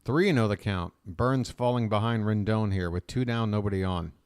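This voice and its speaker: A man calls live baseball play-by-play with a smooth, resonant, somewhat low voice. He talks in a chatty way and works in opinionated asides between pitches. The sound is dry and close, with no room echo. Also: normal speed, darkish tone. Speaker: fan play-by-play commentator.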